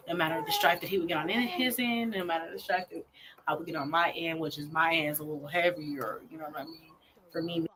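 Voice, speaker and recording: A woman in her twenties telling her story as a mother, blunt and profane, often dropping to a near-whisper. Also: fairly low pitch. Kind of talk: candid personal storytelling. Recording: noisy clip played in a reaction video.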